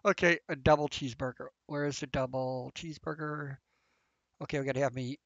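A man's voice: on the high side, steady tone, quick pace, a bit bright, no echo. A man giving casual, flustered commentary while playing a game, thinking aloud as he goes. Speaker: gameplay commentator. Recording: dull, lo-fi, dry sound.

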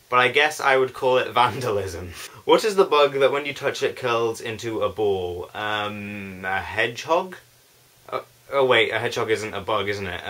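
A young man with a posh English accent and a bright, crisp tone. He talks at an easy middle pitch, chatty and a little giggly, often unsure of himself and poking fun at his own answers in a relaxed vlog. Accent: posh southern English. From northwest England. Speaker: vlogger. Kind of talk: casual vlog, reading a word list.

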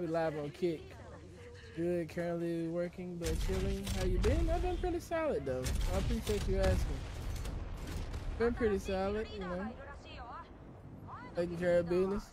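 A man's voice: high-pitched, darkish tone, slight background noise. A man streaming a game and ranting in blunt, profane, slangy casual chat. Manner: slangy, loose talk. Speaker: livestreaming gamer.

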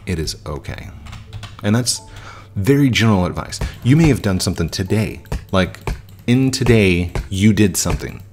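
A man's voice: sits low, lively intonation, normal speed, a little mellow, faint music behind. A man in his thirties talking casually and reflectively while playing a game, often restarting his sentences. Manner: reflective, frequent restarts and fillers. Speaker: gaming YouTuber.

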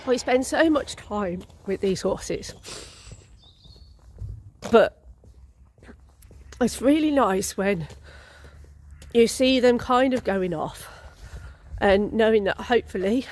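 A woman's voice: fairly high pitch, expressive, takes it slowly, long pauses, darkish tone. A woman running a racehorse retraining yard, chatting casually in a rambling way with lots of ums. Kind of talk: casual vlog chat.

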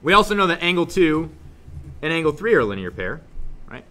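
A young man teaching a math class, joking with students and suddenly yelling for effect, recorded in a classroom. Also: a little high, normal speed, pauses often, a little hiss or hum. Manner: joking, animated, shouts suddenly. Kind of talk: classroom lesson.

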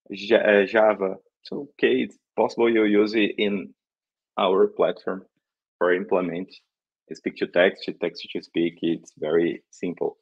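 Brazilian man, Portuguese native, halting English, husky, gravelly, live tech demo. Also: on the low side, dull audio. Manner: halting, searching for English words. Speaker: presenter. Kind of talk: live coding demo talk.

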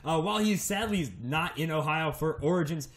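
An enthusiastic man chats casually as a podcast co-host. His voice sits a little high, and he gushes and laughs easily. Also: fairly quick. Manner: excitable and gushing, laughs often.

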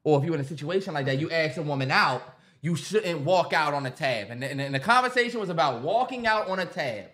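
A man's voice: fairly high pitch, lively intonation, fast, bright, forceful tone. A man co-hosting a podcast, talking in a casual, profane, joking way. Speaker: podcast co-host.

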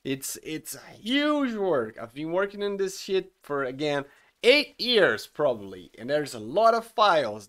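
A man, a solo game engine developer, ranting in exasperation about his code, swearing and bursting out loudly. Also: a little high. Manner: exasperated and swearing, loud outbursts. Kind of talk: frustrated coding rant.

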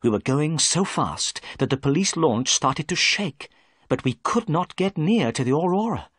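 A man narrating a story for English learners in a clear, expressive storytelling manner. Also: fairly high pitch, a little slow, no room sound, clean studio sound.

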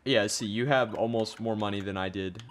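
A young man with a fairly low voice chats through a game session, joking and rambling with plenty of fillers. Faint game noise runs quietly behind him. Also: steady tone, normal speed. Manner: joking, rambling with many likes. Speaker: gaming channel host. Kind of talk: casual gameplay chat.

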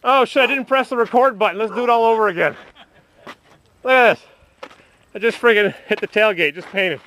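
A man's voice: sits high, a little fast, bright, forceful tone. A man filming himself outdoors as he loads his car onto a trailer, joking, teasing and giving instructions. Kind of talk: casual joking chatter. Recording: noisy outdoor camcorder audio.

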